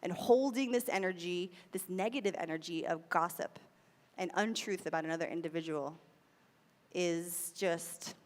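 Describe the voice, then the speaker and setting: A woman's voice: on the low side, normal speed, big-room sound. An American woman speaking at a spiritual center, giving a conversational sermon and repeating key phrases for emphasis. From United States. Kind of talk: sermon talk.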